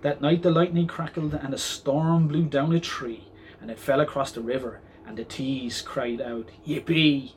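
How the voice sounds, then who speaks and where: A man's voice: medium pitch, steady tone, moderate pace, a little mellow, a little hiss or hum. Man reading a rhyming picture book. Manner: rhythmic, rhyming storytelling. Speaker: storyteller. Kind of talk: children's picture book read aloud.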